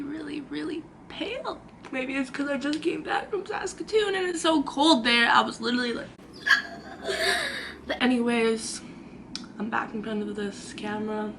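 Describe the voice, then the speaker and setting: In a storytime vlog recorded in her own room, a young woman with a high, gravelly voice tells a dramatic story in a chatty way, acting out the quotes. There's noise in the background.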